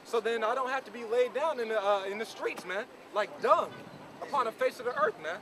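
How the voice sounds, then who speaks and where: Out on a noisy street with a crowd around him, a man preaches on scripture in an extremely high voice, a little fast. He hammers his points home emphatically, repeating phrases and returning constantly to "man" and "you know."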